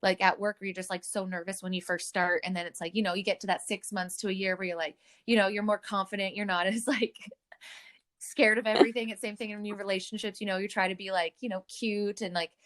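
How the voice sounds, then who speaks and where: A woman's voice: mid-range voice, steady tone, fast talker, a bit bright. Candid, laughing woman podcast host. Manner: candid and swears freely, laughs often. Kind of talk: casual podcast chat.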